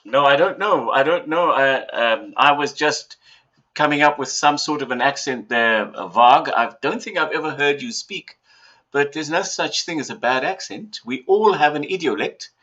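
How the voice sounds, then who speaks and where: A southern African man hosts a casual livestream from home, rambling, chuckling, and adding theatrical flourishes. His voice is a little high and sharp-toned, moving at a moderate pace, though the audio sounds dull.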